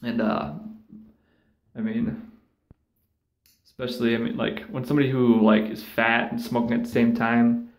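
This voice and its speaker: A man's voice: medium pitch, level tone, moderate pace, long pauses. Rambling, profane man in an echoey room. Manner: rambling, profane, sarcastic, with mocking put-on voices. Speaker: vlogger. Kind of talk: casual ranting monologue.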